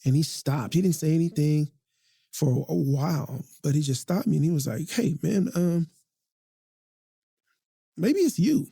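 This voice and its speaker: Speaking at a normal speed, a studio podcast host has a fairly high, creaky, warm voice with a breathy edge and no echo. His talk is heartfelt, casual and slangy, full of passion and repetition.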